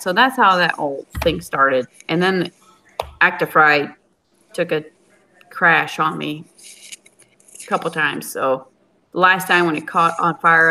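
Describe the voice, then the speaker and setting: A woman's voice: deep voice, fairly even intonation, measured pace, pauses often, pushed and bright. A woman, a cooking channel host, chatting casually and emotionally as a guest on a live video-call stream.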